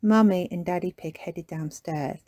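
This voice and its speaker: A woman reading a children's storybook aloud, gentle and unhurried. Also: fairly low pitch, no room sound, studio quality.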